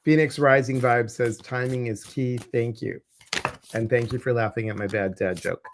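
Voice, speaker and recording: A man's voice: medium pitch, steady tone, moderate pace, background noise. A man co-hosting a casual livestream, reading viewers' questions and oracle cards, chatty and joking.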